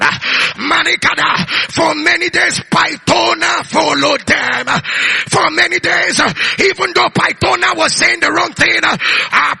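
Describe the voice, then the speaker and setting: A male pastor preaching a fervent, shouted sermon, calling out to his congregation, breaking into tongues and filling pauses with "uh". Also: very high-pitched, creaky. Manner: fervent, calls out to the congregation, frequent "uh" fillers; bursts into speaking in tongues.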